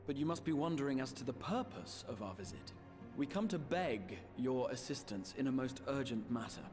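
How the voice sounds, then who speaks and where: Actor as a courteous young scholar, lilting and formal, game cutscene with score underneath. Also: male voice, mid-range voice, expressive, normal speed, a little mellow, soft background music, natural voice. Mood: pleading. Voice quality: formal, old-fashioned, courteous diction. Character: earnest young male scholar, formal and lofty. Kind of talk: video game cutscene voice acting.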